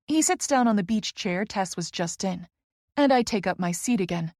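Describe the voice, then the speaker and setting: Woman narrator for a romance audiobook, expressive, mid pitch, dry close sound. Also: normal speed, no echo.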